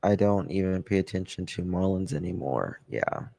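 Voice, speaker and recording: A man hosting a casual true crime livestream, thinking aloud and answering viewer comments with hesitant ums and pauses. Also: low-pitched, animated, gravelly, mellow. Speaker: true crime channel host. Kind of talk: casual livestream chat about a case.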